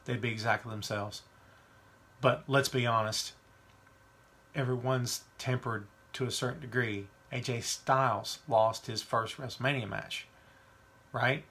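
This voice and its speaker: A man's voice: medium pitch, steady tone, unhurried, bright, forceful tone, slightly rough. A man hosting a wrestling podcast, talking casually and giving strong opinions while reading viewer questions. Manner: chatty, opinionated, reads live chat questions. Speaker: podcast host.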